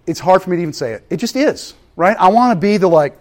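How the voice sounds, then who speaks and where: A man preaches with lots of movement in his voice, climbing high for emphasis and then sinking low and quiet. His delivery is casual and talky, like he is chatting with the congregation. He sits a little above the usual pitch for a man. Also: fast. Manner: animated, conversational preaching with big swings from loud to hushed. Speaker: pastor. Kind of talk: sermon.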